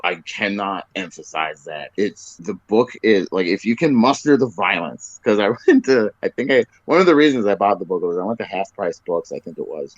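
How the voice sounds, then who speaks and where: A man's voice: fairly low pitch, dry recording. A man telling a story in casual chat, rambling and profane, acting out quotes along the way. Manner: rambling, profane, animated retelling with acted quotes. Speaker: podcast guest. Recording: dry, muffled podcast audio.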